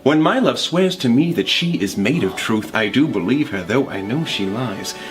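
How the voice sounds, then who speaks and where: A man's voice: medium pitch, animated, normal speed, soft background music, close to an everyday voice. A man playing a prim, logical young man who talks in precise, formal, lecturing sentences. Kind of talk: comedy web series acting.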